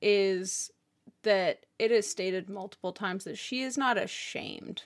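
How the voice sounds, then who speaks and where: A woman's voice: mid-range voice, slow. A woman co-hosting a podcast, chatting casually and emphatically about a romance novel. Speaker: podcast co-host. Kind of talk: casual book recap chat.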